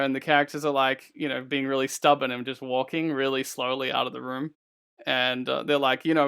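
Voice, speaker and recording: A male podcast host with a clear, bright voice and a gravelly edge. He talks casually and rambles a little, filling pauses with "like" and "you know". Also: medium pitch, level tone. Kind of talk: casual interview chat.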